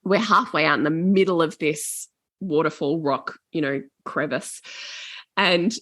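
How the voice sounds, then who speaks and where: A woman in her forties with an Australian accent, a podcast guest telling family travel stories in a lively, casual way, swearing freely. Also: deep voice, unhurried, dry recording, clean studio sound. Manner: animated, swears casually, laughs often. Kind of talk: casual storytelling.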